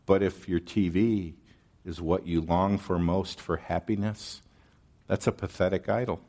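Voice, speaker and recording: A man's voice: deep voice, fairly even intonation, measured pace, darkish tone. A male pastor preaching a sermon in a conversational, wry manner, asking his listeners questions.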